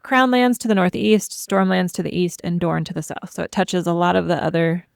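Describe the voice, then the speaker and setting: Gravelly-voiced woman presenting lore. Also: fairly low pitch, steady tone, brisk, no echo, clean studio sound. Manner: playful, lists facts with light humor. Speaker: podcast co-host. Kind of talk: casual chat presenting fantasy lore.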